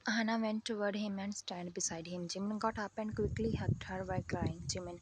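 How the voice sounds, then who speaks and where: A woman's voice: medium pitch, steady tone, fast. Woman narrating fan fiction over noise. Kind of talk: storybook narration. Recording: loud background noise.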